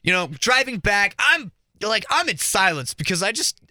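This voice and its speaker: A young man tells a wild story into a studio microphone, his voice bright and his pitch jumping all over the place. He talks in a loose, crude way and swears freely. The sound is dry and close, with no room echo. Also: big pitch swings, moderate pace. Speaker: podcast guest. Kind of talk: casual storytelling. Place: college radio studio.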